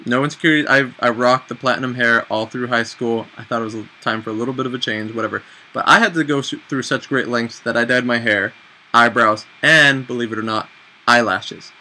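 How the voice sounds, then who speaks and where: A man in his twenties giving casual, self-mocking advice in a chatty, animated way on a home vlog. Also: medium pitch, fairly quick, rough recording. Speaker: vlogger.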